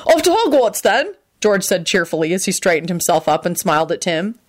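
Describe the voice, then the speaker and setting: A man's voice: on the high side, fairly even intonation, brisk, close to an everyday voice. A woman voicing a cheerful, smug adult male joke-shop owner in a fan-fiction reading.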